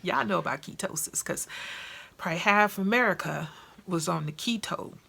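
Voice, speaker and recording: A woman vlogging in a casual, chatty way, animated and colloquial, acting out what people said. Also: on the low side, normal speed, vocal fry, slight background noise. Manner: chatty, animated, acts out quotes; colloquial, with slangy grammar. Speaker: vlogger and author. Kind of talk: casual chat to camera.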